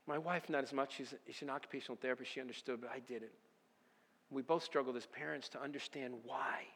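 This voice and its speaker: A man preaching an earnest sermon as a pastor, moving between fervent declarations and quiet personal confession. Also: mid-range voice, fairly even intonation, fast talker, breathy edge. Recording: long reverb of a large hall.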